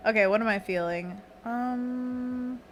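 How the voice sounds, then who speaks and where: A woman's voice: fairly high pitch, slow pace. A woman hosting an art livestream, chatting casually and giggling while she draws and answers her chat. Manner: bubbly, giggly, chatty, reads chat aloud. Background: faint background music.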